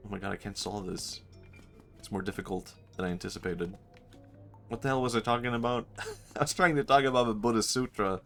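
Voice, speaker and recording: A man chatting casually on a gaming livestream in a fairly low voice. He muses aloud and laughs often at his own mistakes. Faint music plays behind him. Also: a little fast, gravelly, fairly bright tone. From Sweden. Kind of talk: casual chat while gaming.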